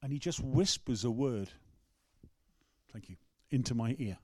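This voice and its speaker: An English-accented rector preaches a sermon in church, telling stories in a conversational way and acting out the quotes. His mid-range voice is brisk and a little mellow, with no echo.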